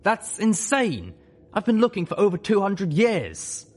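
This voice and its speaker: A man voicing an ancient male dragon who explains things rapidly and earnestly. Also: sits high, huge pitch swings, darkish tone, slightly rough, voice pushed up, full character voice. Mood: frantic.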